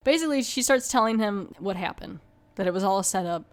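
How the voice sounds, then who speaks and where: A woman's voice: mid-range voice, fast, darkish tone. A woman hosting a podcast, chattily retelling a television episode with many fillers like "you know". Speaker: podcast host. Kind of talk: casual plot retelling.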